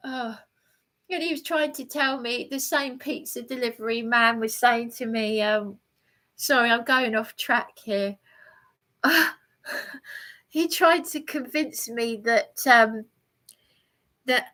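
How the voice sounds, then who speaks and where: A woman streaming from a hotel room, chatting with her viewers in a rambling, halting way and answering their comments as they come in. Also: fairly high pitch, pushed and bright. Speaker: livestreamer. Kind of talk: rambling live chat to viewers.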